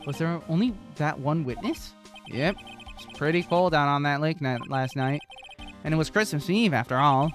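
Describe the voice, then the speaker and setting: A streamer voicing a brash, gruff male police detective in a game who keeps calling people "pal". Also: mid-range voice, normal speed, soft background music, lightly acted. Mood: explaining. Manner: gruff and blustery, says "pal". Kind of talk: voice acting while playing a game.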